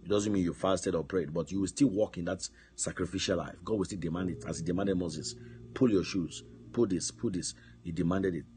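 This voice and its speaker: Deep-voiced man preaching a sermon. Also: fairly quick, slight background noise. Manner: storytelling preacher who shouts commands and repeats words.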